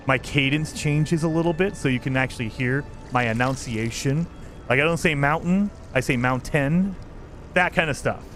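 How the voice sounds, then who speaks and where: A man's voice: medium pitch, fairly quick, fairly bright tone, faint music behind. A man streaming a game live, chatting with his viewers and laughing often as he plays. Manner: chatty, laughs often, talks to chat while playing. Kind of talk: casual live-stream chat.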